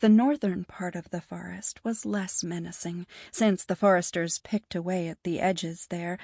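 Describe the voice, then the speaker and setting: A woman narrating a fantasy audiobook in a measured, even storytelling manner. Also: lowish voice, gravelly, husky, no room sound, clean studio sound. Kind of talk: scripted narration.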